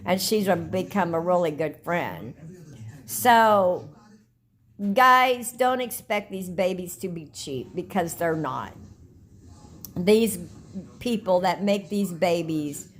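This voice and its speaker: Chatty older woman, low voice. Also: measured pace, darkish tone. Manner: chatty, rambling storyteller. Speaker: doll collector. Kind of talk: casual talk to camera.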